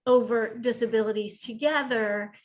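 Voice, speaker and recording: A woman talking over a video call about her church's disability ministry. She tells it in a warm, rambling, enthusiastic flow, her voice pitched a touch high. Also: moderate pace, low-quality recording. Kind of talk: video call roundtable sharing.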